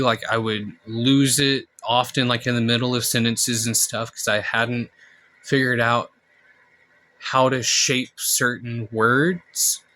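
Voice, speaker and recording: A man's voice: medium pitch, pushed and bright. A man talking to camera in a candid casual monologue, blunt and frank with plenty of swearing. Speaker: vlogger.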